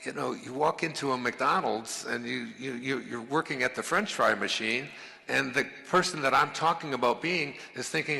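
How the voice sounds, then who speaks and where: A man giving a motivational talk, telling personal stories in an animated way, acting out the voices he quotes, with many restarts. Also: medium pitch, normal speed, vocal fry, breathy edge. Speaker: motivational speaker.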